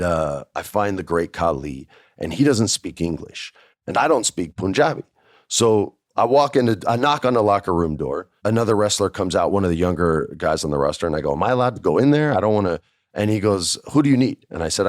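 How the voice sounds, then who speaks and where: A podcast host from New Mexico, a man in his forties, tells a backstage anecdote with animation, acting out the voices of the people involved. His voice is low and brisk, captured in a dry recording with clean studio sound.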